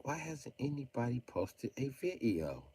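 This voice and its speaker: A man livestreaming, ranting in mocking tones with sudden shouted bursts and jokey mock British slang. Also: mid-range voice, sing-song, a little slow, breathy edge, dry recording.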